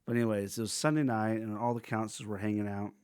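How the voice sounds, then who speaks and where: A young man, a goofy and animated podcast host telling stories in casual chat. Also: lowish voice, fast talker, smooth, dry recording, clean studio sound.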